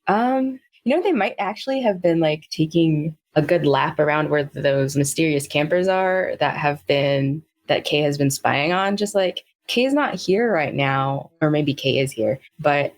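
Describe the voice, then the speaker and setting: Woman with a low voice narrating her character in a tabletop game, lots of likes and ums. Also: animated. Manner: halting, full of fillers. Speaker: player. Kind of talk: tabletop role-play narration.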